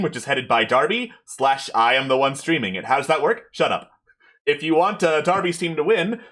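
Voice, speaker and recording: Man, game master, stream host, playful, bright tone, lively pitch. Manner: playful, self-mocking. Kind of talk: livestream intro and game narration.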